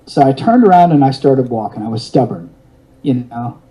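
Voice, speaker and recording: A man's voice: mid-range voice, expressive, normal speed, a crowd in the background, rough recording. A man in his fifties telling a long personal story in an interview, rambling along with restarts and wry, self-mocking humor. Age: 50s.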